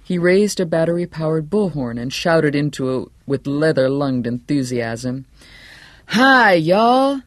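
A man's voice: a little high, dry recording. Man reading a novel aloud, dry. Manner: measured, steady storytelling. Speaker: audiobook narrator. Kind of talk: scripted narration.

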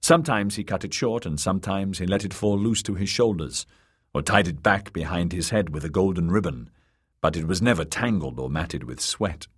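A man narrating a fantasy audiobook in measured storytelling. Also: low voice, animated, breathy edge.

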